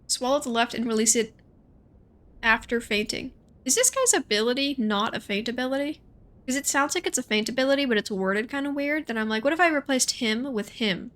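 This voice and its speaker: Young woman streamer, higher bright voice, rambling self-talk while gaming. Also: expressive. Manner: chatty, thinks aloud, quick asides and self-talk. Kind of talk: casual gameplay commentary.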